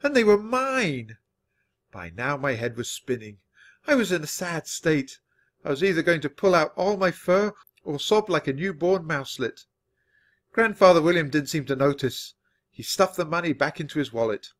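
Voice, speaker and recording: Guy reading a kids' book aloud for english learners, super lively up and down voice. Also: on the high side, normal speed. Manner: expressive, animated storytelling. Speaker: storybook reader.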